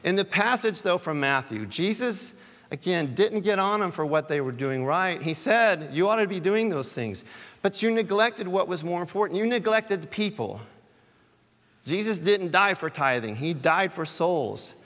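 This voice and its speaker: A man preaching a sermon in a church, his fairly high voice carried by a long hall reverb. He talks conversationally, repeats words as he goes, and builds to emphatic peaks. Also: expressive, normal speed, a bit bright.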